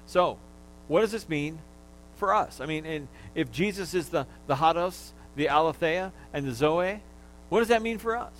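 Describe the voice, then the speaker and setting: A man's voice: a little high, animated, normal speed, slight background noise, rough recording. A male pastor preaching a sermon, teaching in an easy manner, getting listeners to repeat words after him and joking along the way.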